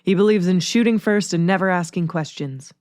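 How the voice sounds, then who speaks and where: A woman reading a story aloud in a steady, plain narrating manner. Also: fairly low pitch, fairly quick, dry recording, studio quality.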